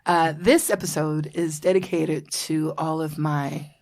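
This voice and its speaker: A woman's voice: sits low, fairly even intonation, a little slow, darkish tone. Bubbly thirtysomething woman hosting a podcast, swears a lot, laughs easy. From Florida. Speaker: podcast host. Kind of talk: casual chat.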